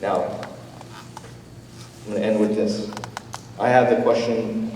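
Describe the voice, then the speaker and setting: Mellow-voiced pastor in an echoey hall. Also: male voice, fairly low pitch, steady tone, a little slow, long pauses, a little hiss or hum. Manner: conversational, gentle preaching with fillers. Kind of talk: sermon. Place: church sanctuary. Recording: roomy church hall, from a distance.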